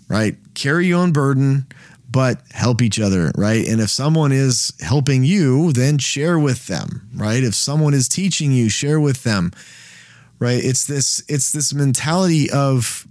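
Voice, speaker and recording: A man's voice: medium pitch, normal speed, darkish tone, dry recording, studio quality. A man hosting a Bible study, teaching in a conversational way and checking in with frequent "right?" questions and restarts.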